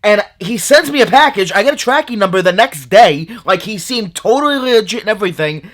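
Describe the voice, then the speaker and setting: Bright-voiced young man ranting to camera. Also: high-pitched, expressive, moderate pace, few pauses. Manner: angry ranting, repeating himself. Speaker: sneaker vlogger. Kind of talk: casual vlog to camera.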